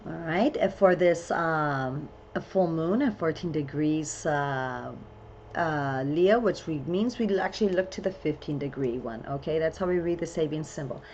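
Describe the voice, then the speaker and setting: A chatty woman astrologer with a fairly low voice talks through her program in loose, rambling phrases and often breaks into excited whoops. Faint ambient noise sits behind her voice. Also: a little slow, dull audio. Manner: talks in loose run-on phrases with many fillers. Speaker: astrologer hosting a full moon program. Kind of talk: casual spoken forecast.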